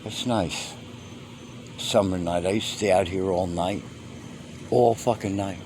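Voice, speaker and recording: Slow, rambling low-voiced man outdoors. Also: steady tone. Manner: meandering, trailing off and restarting. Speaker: vlogger. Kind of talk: rambling handheld phone vlog. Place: outdoors among stray cats. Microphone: phone held in hand. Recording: phone audio with clear ambient noise.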